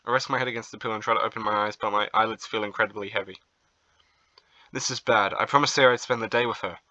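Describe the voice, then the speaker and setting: A young man with a low but bright, forward voice reads a visual novel's narration and reacts in excited, flustered bursts. The sound is close and dry, a little dull. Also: quick pace, no room sound. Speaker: gamer reading a visual novel aloud. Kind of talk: reading a game aloud with reactions.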